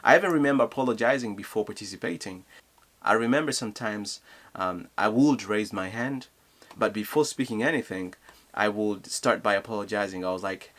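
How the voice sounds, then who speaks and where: A young man from DR Congo speaks with a clear Congolese accent in a mid-range voice. His vlog talk is earnest and encouraging. He often turns to rhetorical questions to stir his listeners. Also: medium pitch, lively intonation, a little fast, fairly bright tone. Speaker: youth speaker. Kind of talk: motivational vlog.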